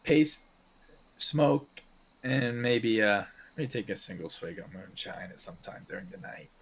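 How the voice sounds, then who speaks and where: A man playing a tabletop game, calmly stating his character's actions in a matter-of-fact way. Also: lowish voice, measured pace, a little hiss or hum. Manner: laid-back, matter-of-fact declarations of actions. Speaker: player.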